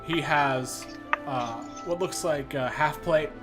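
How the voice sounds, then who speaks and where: A man's voice: on the high side, slow. A man narrating as dungeon master for a tabletop game, casual and full of fillers. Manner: casual, many fillers, self-interrupting. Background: background music.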